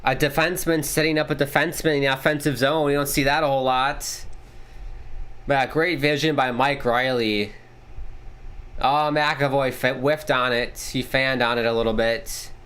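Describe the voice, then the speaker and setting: A young man hosts a live game watchalong, his voice smooth and resonant at a mid pitch. He chats casually between plays, then snaps into quick, rising calls when the action picks up. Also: steady tone, a bit bright. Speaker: livestream host. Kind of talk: casual play-by-play watchalong commentary.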